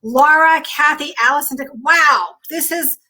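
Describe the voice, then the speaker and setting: Excitable high bright-voiced woman host. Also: a little slow. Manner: excitable, greets viewers by name, emotional. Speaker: host of a live online show. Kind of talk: casual live-stream hosting.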